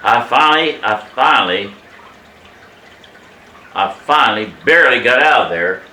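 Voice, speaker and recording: A man in his eighties telling a family story from his childhood in a casual, animated way, emphatic and salty, chuckling as he goes. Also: mid-range voice, measured pace. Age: 80s. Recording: echoey room, mic at a distance.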